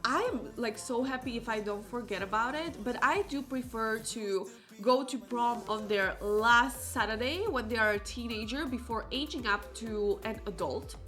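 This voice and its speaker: A young adult woman streaming a life-sim game, chatting in an excitable, rambling way. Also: a little high, normal speed, few pauses, faint music behind. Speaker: let's play streamer. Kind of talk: gameplay commentary.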